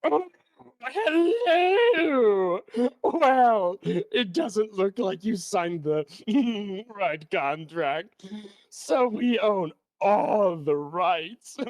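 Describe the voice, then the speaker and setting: A streamer voicing a sleazy, greedy corporate leech monster with a smug, drawn-out, gloating delivery. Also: medium pitch, very animated, darkish tone, no echo, voice pushed up, full character voice.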